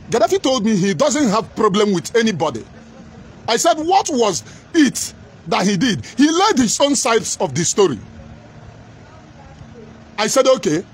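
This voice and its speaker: Man, very high voice, lively, emphatic commentary, faint noise behind. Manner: emphatic, repetitive storytelling. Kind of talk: political commentary monologue.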